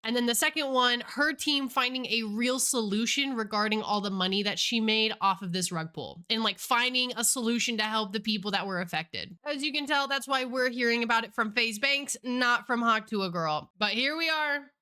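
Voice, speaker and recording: Young woman, casual commentary, blunt, bright tense voice, crisp and clear. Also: fairly high pitch, moderate pace, hardly any pauses. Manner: blunt, frequent "like" fillers. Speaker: commentary channel host.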